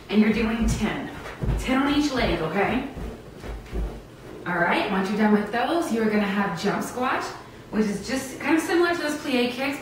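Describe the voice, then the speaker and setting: A woman's voice: a little high, far from the mic, slight background noise. Upbeat woman coaching a workout, echoey. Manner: upbeat instructional, says "y'all" and "all right?". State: a little out of breath. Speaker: fitness segment presenter. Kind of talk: demonstrating a workout on a TV show.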